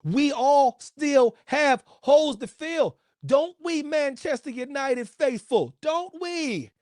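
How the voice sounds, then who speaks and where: A man hosting a solo football podcast. He talks in an animated, playful way, using slang and rhetorical questions. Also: extremely high pitch, slow, dry recording, studio quality. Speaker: podcast host.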